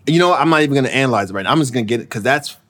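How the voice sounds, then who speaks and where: A man's voice: mid-range voice, lively intonation, rapid-fire, fairly bright tone. A man hosting a podcast, chatting loosely and joking, with lots of fillers and laughter. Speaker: podcast host. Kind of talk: casual chat.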